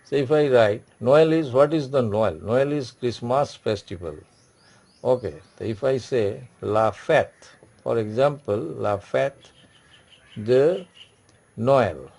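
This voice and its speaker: A man's voice: mid-range voice, vocal fry, a little mellow. A man runs an online French class. He explains step by step, repeating each point. His voice sits mid-range. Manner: slow, repetitive explaining with frequent "okay" check-ins. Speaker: French teacher. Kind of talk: online language lesson.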